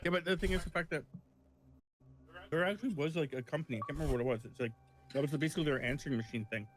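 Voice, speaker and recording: A man's voice: a little high, rapid-fire. Rambling man telling a story mid-game. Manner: rambling storyteller, swears when annoyed. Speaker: co-op gaming streamer. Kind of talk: casual chat while gaming.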